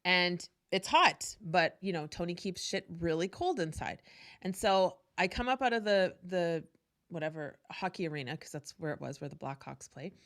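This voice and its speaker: A woman telling a story from her own life in a loose, casual podcast monologue. Her voice sits a little low for a woman. She speaks frankly, swears freely and keeps breaking off into asides. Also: normal speed. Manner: candid and profane, lively storytelling with frequent asides. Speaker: podcast host.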